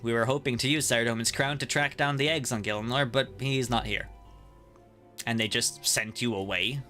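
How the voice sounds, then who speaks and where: A man's voice: medium pitch, steady tone, moderate pace, sharp tone, soft background music. A man streaming a game playthrough, reading every character's dialogue aloud and joking between lines. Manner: jokey, laughs often, reads every character's lines. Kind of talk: casual playthrough with voiced reading.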